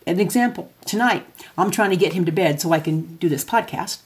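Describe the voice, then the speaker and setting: A chatty woman talking through a casual podcast monologue. Her voice sits a little on the low side, and she laughs easily as she rambles along. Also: brisk, slight background noise. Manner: chatty, self-described extrovert, laughs often. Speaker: podcast host.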